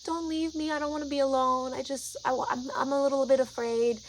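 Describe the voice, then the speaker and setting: A woman's voice: sits high, flat delivery, brisk, a little hiss or hum, voice pushed up, lightly acted. A woman voicing a frightened, confused young woman who pleads in a small, shaky voice. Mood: scared, pleading.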